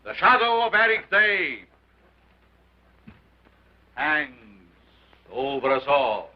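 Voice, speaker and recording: A man's voice: fairly high pitch, sing-song, slow, highs cut off. An actor playing a commanding male mad scientist lecturing a carnival crowd, with an unplaceable accent and a declamatory delivery, on an old 1930s film soundtrack. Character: theatrical mad scientist showman, male, middle-aged, commanding.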